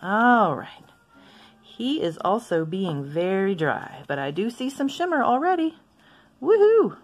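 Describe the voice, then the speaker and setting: A woman with a fairly low voice that swings up and down a lot. She talks casually and rambles into side stories while gently poking fun at herself. Soft music plays faintly behind her. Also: lively intonation, slow pace. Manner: chatty, rambling, self-deprecating asides. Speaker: stationery vlogger. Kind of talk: casual chat while swatching inks.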